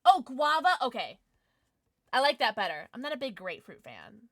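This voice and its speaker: A bubbly young woman chats casually with her livestream viewers, laughing often and filling her sentences with "like". Her voice sits a little high and swings widely in pitch. The sound is dry and close, with little room echo. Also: wildly swooping pitch, moderate pace, fairly bright tone. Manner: bubbly, giggly, lots of "like". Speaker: streamer. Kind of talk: casual livestream chat, reading chat.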